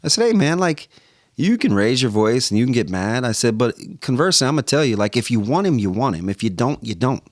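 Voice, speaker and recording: A man, a former football player appearing as a podcast guest, telling stories in a relaxed conversation. He acts out both sides of his phone calls and keeps saying "like" and starting over. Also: mid-range voice, fast talker, dry recording, clean studio sound. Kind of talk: animated storytelling in conversation.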